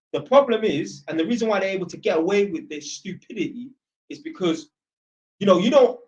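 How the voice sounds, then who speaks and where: A man's voice: sits high, a little mellow. Blunt rambling man. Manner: rambling, blunt, swears a lot. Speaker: streamer. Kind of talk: live-stream chat. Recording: dull lo-fi sound.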